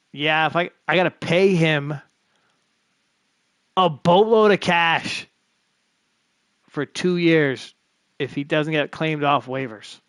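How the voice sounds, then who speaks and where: A man's voice: on the high side, fairly bright tone, no echo. A man streaming a baseball management game, chatting to himself as he sorts through his roster. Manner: chatty, talks to himself while sorting players. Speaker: gaming streamer. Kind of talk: live commentary while playing a baseball game.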